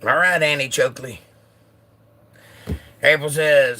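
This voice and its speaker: Male livestream host on a phone, bright and sharp tone, chatty and joking while reading viewer comments. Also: a little high, animated, measured pace, pauses often. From United States. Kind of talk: casual live chat, reading viewer comments.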